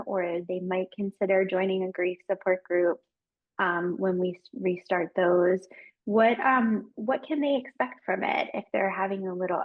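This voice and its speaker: A woman hosts an interview, asking her questions hesitantly and pausing on fillers. Her voice comes through a thin, tinny, phone-like line at a middle pitch. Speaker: host, foundation director.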